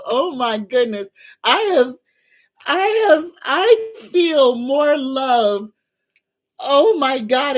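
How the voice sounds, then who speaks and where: Slow-talking gushing woman. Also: a little high. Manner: gushing and grateful, talks slowly. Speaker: psychic tarot reader hosting a livestream. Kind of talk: casual livestream chat.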